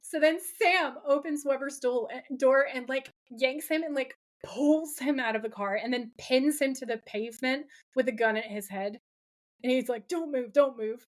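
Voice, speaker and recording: A woman co-hosting a podcast, recapping a TV episode in casual chat with dramatic, animated retelling and occasional swearing. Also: sits high, moderate pace. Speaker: podcast co-host.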